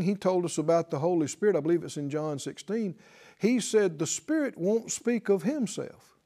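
Male preacher, slightly higher voice, unhurried emphatic sermon delivery. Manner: slow, emphatic preaching with sudden loud stresses.

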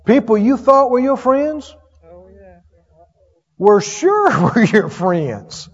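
A man preaching a sermon in a folksy way, chuckling often and swinging from loud calls to hushed storytelling. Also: very high-pitched, sing-song, drawn-out words, husky. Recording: dull reverberant hall sound.

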